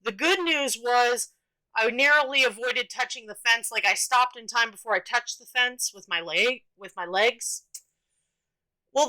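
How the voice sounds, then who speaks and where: A young woman storytime vlogger speaks in a fairly high, bright, forceful voice on a rough recording. She casually tells stories from her childhood, chatty and rambling, with lots of fillers and restarts.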